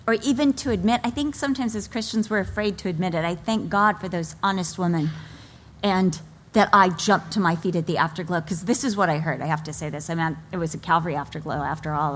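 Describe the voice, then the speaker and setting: A woman's voice: medium pitch, fairly quick, slight background noise. A middle-aged woman, a pastor's wife, preaching a sermon and telling stories with acted-out quotes. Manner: animated storytelling, acts out quoted voices. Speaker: pastor's wife and daughter, speaker. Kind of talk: sermon to a women's audience.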